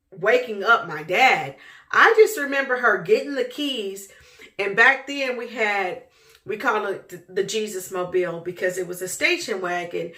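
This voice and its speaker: A woman vlogger casually telling a childhood story in an animated way, laughing often as she goes. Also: medium pitch. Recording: echoey room.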